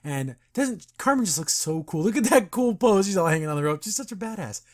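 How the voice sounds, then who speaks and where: A man hosting a podcast, casually recapping an animated episode and acting out the characters' lines in quick asides. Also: sits high. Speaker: podcast host.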